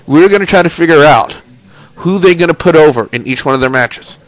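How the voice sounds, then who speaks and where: A man with a fairly high, animated voice talks fairly quickly, recorded dry and in low quality on a webcam mic. He hosts a casual wrestling and video game webcast, sounding stuffed up and congested while he chats, plugs links, and reads the chat.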